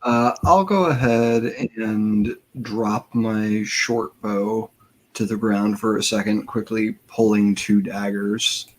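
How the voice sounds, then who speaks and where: A man's voice: lowish voice, takes it slowly, slight background noise. A man playing a tabletop game, stating his moves in a laid-back, plain way. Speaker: player. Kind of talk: casual tabletop game play.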